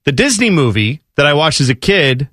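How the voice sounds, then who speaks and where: Brief: male radio co-host, lively swooping delivery, slightly high voice, dry close sound. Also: brisk, husky, no echo. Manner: animated, excitable storyteller. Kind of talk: casual radio banter.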